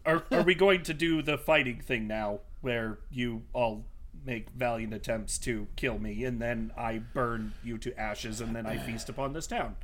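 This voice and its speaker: A man voicing an arrogant ancient male monster that speaks slowly with low contempt. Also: a bit bright, a little hiss or hum, natural voice. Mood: menacing.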